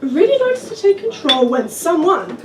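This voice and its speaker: A young woman, half English and half German, performing an animated, self-deprecating stand-up set with mock rants, heard in a small comedy club with the audience laughing. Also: high-pitched, moderate pace, noisy background. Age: young adult. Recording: echoey club recorded from far off.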